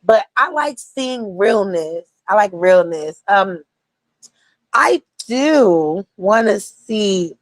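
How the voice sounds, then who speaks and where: A woman's voice: medium pitch, dry recording. A young woman talking casually on a livestream, blunt and profane, rambling between topics as a streamer.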